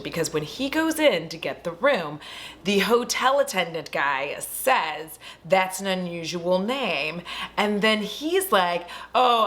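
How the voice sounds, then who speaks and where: A young woman casually retelling a horror movie at home, acting out the screams and lines as she goes. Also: on the low side. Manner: animated, acts out scenes and screams.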